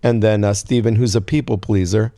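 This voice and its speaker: A man in his sixties telling a long story as an interview guest, acting out quoted lines in a higher voice. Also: fairly quick, dry recording. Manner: animated storyteller, acts out quotes in a high voice. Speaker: guest songwriter.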